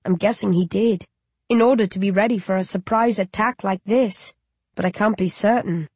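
A woman's voice: mid-range voice, a little mellow, breathy edge, dry recording. Woman reading an audiobook, dry close sound. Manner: measured, reflective storytelling. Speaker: audiobook narrator. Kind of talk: first-person audiobook narration.

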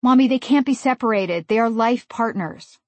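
A woman's voice: fairly high pitch, moderate pace, darkish tone, no room sound, lightly acted. A woman voicing a stubborn young girl who pleads in a matter-of-fact way. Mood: insistent.

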